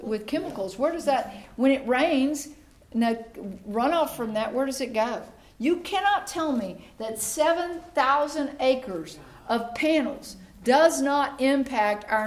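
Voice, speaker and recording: Animated woman telling a story. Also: fairly high pitch, slight background noise. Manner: storytelling with quoted voices and rising emphasis. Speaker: state senator. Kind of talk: animated political speech. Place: meeting room with an audience.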